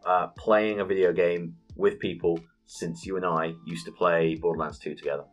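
A man in his thirties, casually co-hosting a podcast, telling an animated, sweary gaming story and laughing often. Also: low-pitched, normal speed, faint music behind.

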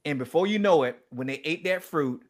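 A man speaking as a guest, telling a story in a lively, preacher-like way and acting out the quoted dialogue. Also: a little high, a little fast. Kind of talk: animated storytelling talk.

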